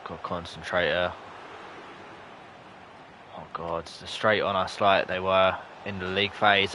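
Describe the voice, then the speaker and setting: A man with a low, deep voice casually narrates his football video game on a live stream. He chats loosely with viewers and calls them by name. He jokes in slang and swears when a match goes against him. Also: flat delivery, measured pace, sharp tone, a little hiss or hum. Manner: chatty and loose, answers chat viewers by name. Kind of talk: casual live-stream commentary, reacting to chat.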